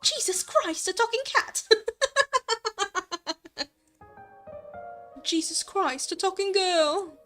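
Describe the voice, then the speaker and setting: A woman's voice: extremely high pitch, measured pace, fairly bright tone, soft background music, pitched above the performer's own voice. Woman doing a flustered, exclaiming young girl. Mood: startled.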